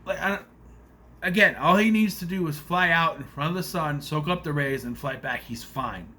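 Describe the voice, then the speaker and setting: A man's voice: fairly high pitch, moderate pace, bright, forceful tone. A man giving a casual, rambling spoiler review of a movie, nitpicking in an exasperated way with plenty of fillers.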